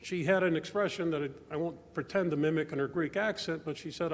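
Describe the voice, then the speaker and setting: A man's voice: a little high, slight background noise. Older man telling family stories in a church. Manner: measured, reflective storytelling. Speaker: church member giving a stewardship talk. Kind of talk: personal testimony speech. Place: large church sanctuary. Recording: long church reverb.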